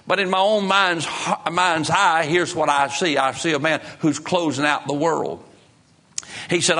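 A man preaching a sermon, swinging from hushed lows to high, impassioned peaks, with folksy grammar. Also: fairly even intonation, a little slow. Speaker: pastor.

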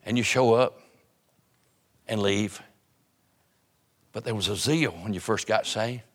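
A pastor preaches to his congregation in a conversational style, repeating phrases and lowering his voice for emphasis. His pace is slow and his tone slightly bright.

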